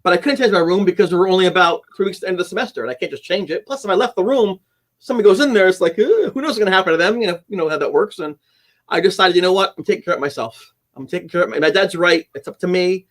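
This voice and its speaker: A middle-aged man telling a personal story as a podcast guest, animated and acting out dialogue, often restarting his sentences. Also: high-pitched, very fast. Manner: animated storyteller who acts out quoted dialogue, with frequent restarts.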